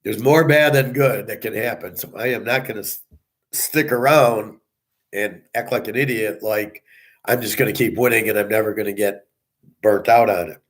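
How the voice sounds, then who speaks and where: A man's voice: on the low side, moderate pace. A man giving a profane, scornful monologue as a sports handicapper and commentator, talking bluntly. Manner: blunt, scornful, swearing often.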